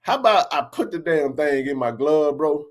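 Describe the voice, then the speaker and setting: Here a sports podcast host in his forties recounts stories from the neighborhood, his voice a little high and his pace moderate. He laughs a lot and leans on slang, keeping the chat loose and lively.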